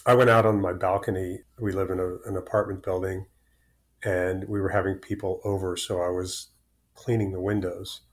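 A man in his sixties from Florida is a guest in a candid interview, speaking frankly with self-deprecating humor and often repeating words as he begins sentences. His voice is deep and level, at a normal speed.

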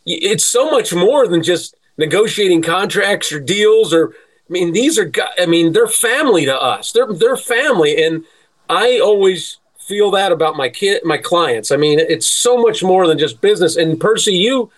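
A middle-aged sports agent telling lively stories in casual chat, laughing often. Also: male voice, high-pitched, normal speed, poor audio. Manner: animated storyteller, laughs often.

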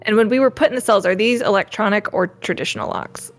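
A woman's voice: medium pitch, quick pace, soft background music. A woman playing in a tabletop role-playing game, asking eager questions about the scene. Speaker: player. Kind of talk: tabletop role-play banter.

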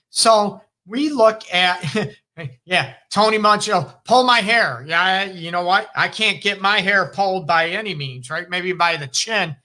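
Animated, bright-voiced male counselor. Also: high-pitched. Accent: Detroit. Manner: animated and emphatic, with sudden loud exclamations. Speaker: relationship counselor and show host. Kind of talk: casual advice talk.

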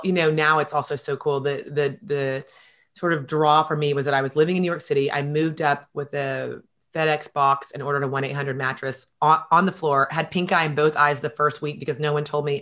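A middle-aged woman telling stories in a casual interview, animated and quick, with many fillers. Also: sits low. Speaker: guest.

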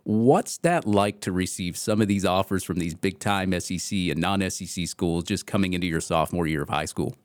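Excitable podcast host with a low voice. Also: male voice, moderate pace, few pauses, dry recording. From Georgia. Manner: excitable, energetic, repeats words when starting sentences. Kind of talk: casual podcast interview.

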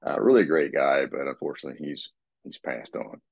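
A man with a very deep, husky voice talks in a relaxed, rambling way, often restarting his sentences as he explains things. The sound is dry and a bit dull, like a lo-fi recording. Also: a little fast, no echo. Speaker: co-host, fitness expert. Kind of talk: casual podcast chat.

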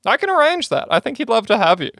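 An Australian man co-hosting a podcast in casual chat, animated, jumping up in pitch when excited and laughing as he talks. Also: fast talker, dry recording, studio quality. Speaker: podcast co-host.

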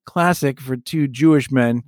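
A man's voice: medium pitch, measured pace, a little mellow, no room sound, studio quality. A middle-aged man co-hosting a podcast in casual chat, joking and exaggerating for fun. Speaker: podcast co-host.

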